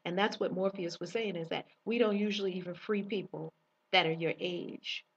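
Female spiritual teacher, husky timbre, emphatic repetitive storyteller, distant muffled mic. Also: lowish voice, fairly even intonation, moderate pace. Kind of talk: personal spiritual monologue to camera. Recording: dull distant recording.

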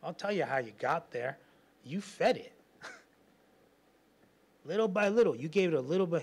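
A man's voice: a little high, moderate pace, pauses often, breathy edge. A man preaching a sermon as pastor, telling stories with lots of laughter and acting out the voices of people in them. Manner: animated storytelling, laughs often, acts out quotes.

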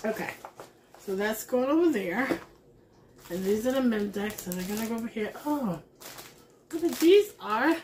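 A woman chatting casually to her viewers while opening craft mail, gushing and excited, and a mother. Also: a little high, moderate pace, long pauses, background noise. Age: adult with a son. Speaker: crafting vlogger. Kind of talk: casual unboxing chat.

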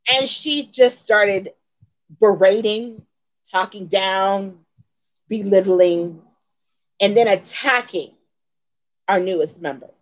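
A woman's voice: mid-range voice, takes it slowly, pauses often, low-quality recording. A woman in her forties hosting her own channel, telling a heated story with emphatic repetition. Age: 40s. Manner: heated, emphatic, repeats lines for effect. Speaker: beauty channel host. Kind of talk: venting storytime vlog.

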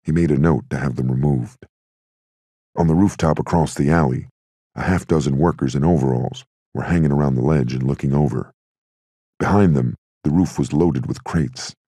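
Very deep, husky male audiobook narrator. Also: normal speed, warm tone, no room sound. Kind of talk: scripted narration.

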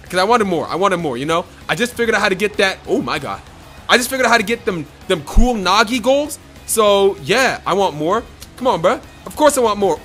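Guy trash talking his soccer game, voice jumping all over, music playing low. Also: bright, forceful tone. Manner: hyped, trash-talking, repeats phrases. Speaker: gaming YouTuber. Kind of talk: live gameplay commentary.

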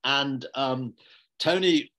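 An older man, a theatre director speaking in an online interview, telling stories in a measured, anecdotal way with frequent restarts. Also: mid-range voice, sharp tone. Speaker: theatre and film director, guest. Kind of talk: reflective interview conversation. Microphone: online video call.

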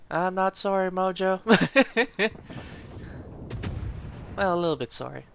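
A man giving casual, excitable gameplay commentary, laughing often and swearing cheekily. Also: high-pitched, slow pace, gravelly, pauses often, slight background noise.

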